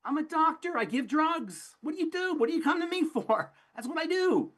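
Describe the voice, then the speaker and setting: A man's voice: extremely high pitch, big pitch swings, normal speed, a bit bright, pitched above the performer's own voice, full character voice. A man voicing a smug male doctor who only prescribes drugs and surgery, in a raised, insistent voice.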